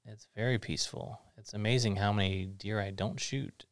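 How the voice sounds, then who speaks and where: A man's voice: lowish voice, steady tone, normal speed, no room sound, studio quality. A middle-aged man hosting an interview, chatting in an easygoing, rambling way as he thinks aloud. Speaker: podcast host. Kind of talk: casual interview chat.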